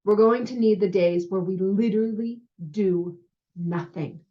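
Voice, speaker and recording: A woman's voice: mid-range voice, measured pace, warm tone, highs cut off. A woman who works as a spiritual healer gives a casual talk to her viewers. She is chatty and often says "you know" and "right?". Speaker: spiritual healer and intuitive guide.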